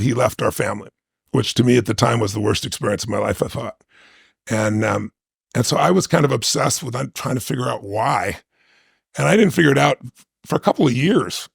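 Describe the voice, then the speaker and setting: A man's voice: medium pitch, gravelly, husky, dry recording, clean studio sound. A man being interviewed, telling a personal story in an emphatic, conversational way with frequent asides. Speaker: interview guest.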